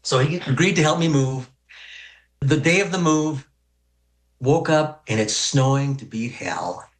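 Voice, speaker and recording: A man from North Dakota telling a humorous personal story in a folksy, lively way. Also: a little high, measured pace. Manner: folksy, humorous, animated pacing. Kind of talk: personal story told to an audience.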